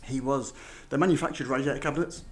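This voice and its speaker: Speaking quickly in a medium, slightly mellow voice, this middle-aged man is a recruitment founder from London, England, with a faint Midlands touch in his accent. As a guest on a podcast, he tells his story in relaxed interview chat, restarting often.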